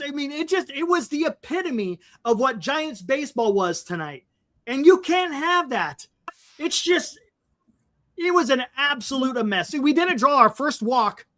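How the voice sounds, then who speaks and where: A man's voice: extremely high pitch, bright, forceful tone. A man co-hosting a fan sports talk stream, ranting in frustration and often repeating words. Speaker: podcast co-host.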